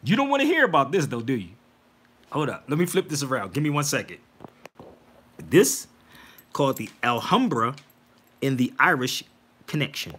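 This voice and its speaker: Speaking at a normal speed with frequent pauses, a man with a medium-pitched, breathy voice hosts a livestream. He preaches at his viewers casually but insistently, animatedly hailing them as "y'all."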